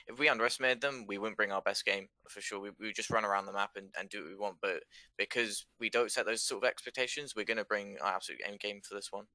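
A man's voice: on the low side, bright, forceful tone, dry recording. A man answering interview questions about his esports team in an earnest, thoughtful way.

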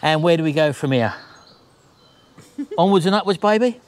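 Middle-aged vlogger host, rambling jokey chat, voice a touch high. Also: male voice, lively intonation, unhurried. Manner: chatty, rambling, jokey, calls wife baby. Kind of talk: casual chat to camera.

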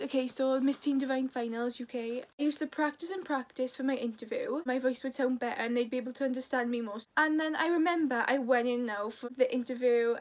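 A young Welsh woman talks straight to her camera in a loose, chatty way, filling her sentences with "like." Her voice sits high and bright for a woman, and she strings her stories together casually. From Wales. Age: late teens. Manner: chatty, says "like" a lot. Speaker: vlogger.

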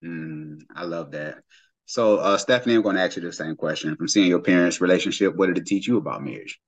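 Very deep, husky man host. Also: brisk. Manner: brief, encouraging affirmations. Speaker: podcast host. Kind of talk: interview questions.

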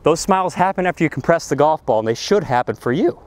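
Excitable man teaching golf. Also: on the high side, fast. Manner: enthusiastic, excitable, exclaims and hoots. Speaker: golf instructor. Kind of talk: energetic golf lesson on the range. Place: outdoor golf practice range.

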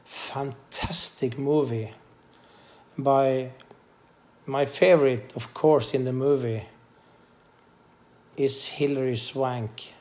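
Man, casual vlog, slow halting delivery, emotional, roomy sound. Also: medium pitch, darkish tone. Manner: slow, halting, with many pauses and fillers; tender and emotional. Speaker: vlogger. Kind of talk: casual personal vlog to camera. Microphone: handheld camera. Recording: echoey room.

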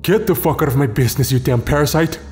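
A man voicing a hostile old male motel owner who shouts and spits with rage. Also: fairly low pitch, animated, fairly quick, faint music behind, lightly acted. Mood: furious shouting.

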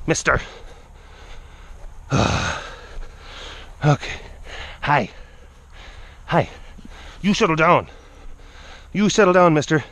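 Man, out of breath, gravelly voice, slow lively delivery, coaxing chatter, outdoors on a phone camera. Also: fairly high pitch. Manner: coaxing, chattering to animals between remarks. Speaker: vlogger working with big cats. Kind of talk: casual running commentary.

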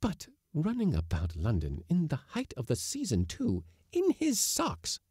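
A woman's voice: sits low, very animated, moderate pace, creaky, warm tone, dry recording, clean studio sound, pitched above the performer's own voice, exaggerated voice. A man voicing a flustered Victorian wife who fusses anxiously over her husband. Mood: fretful. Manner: anxious, fussing.

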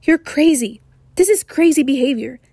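A woman with a hoarse voice voicing a stern, furious middle-aged male doctor in an audiobook, cold and clipped. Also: on the high side, moderate pace, warm tone, dry recording, clean studio sound, lightly acted. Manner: cold, clipped, rising to anger.

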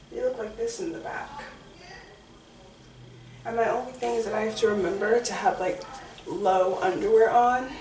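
Young woman vlogger, casual and chatty, mid pitch; roomy echo, distant camera mic, noisy. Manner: chatty, lots of "like" fillers. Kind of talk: casual vlog chat. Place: bathroom at home. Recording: echoey room, mic far off, noisy.

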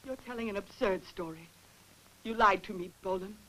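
A defiant young woman, as an actress plays her in a dubbed period horror film. She is high-strung and fierce, and her voice climbs into cries. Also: moderate pace, a bit bright, natural voice, low-quality recording. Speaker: professor's daughter.

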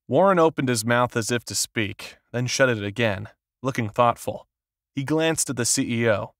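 Male narrator, measured thriller reading, medium pitch, dead-dry recording. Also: lively intonation, a bit bright, no room sound. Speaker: audiobook narrator. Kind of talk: scripted narration.

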